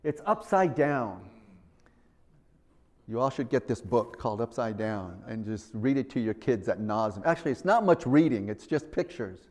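A man's voice: mid-range voice, animated, moderate pace, a little mellow. A man preaching a sermon in an earnest way, often repeating himself and acting out little conversations.

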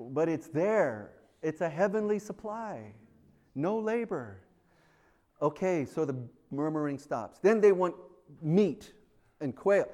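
A man preaching a sermon, telling the story with animated swings from loud to hushed. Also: fairly high pitch, a little slow.

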